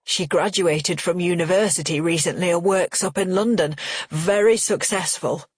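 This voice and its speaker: A woman reading an audiobook puts on an elderly father with dementia, a low, slowed, husky old man's voice. He drifts between clear-headed calm and bewildered alarm. The audiobook reading is close and dry, with no room sound. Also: no room sound. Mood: doting. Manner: low, slow, shifting from lucid calm to panicked shouting.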